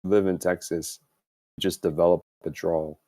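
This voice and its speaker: A man's voice: deep voice, little pitch movement, unhurried, mellow, dry recording. A man joking in a laid-back way during a casual live chat.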